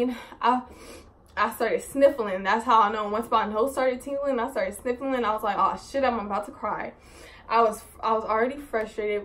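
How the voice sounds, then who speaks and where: A young woman vlogging a story in a casual, rambling way, filling her talk with "like" and "so" and swearing in exasperation. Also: a little high. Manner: rambling, animated, heavy use of "like" and "so".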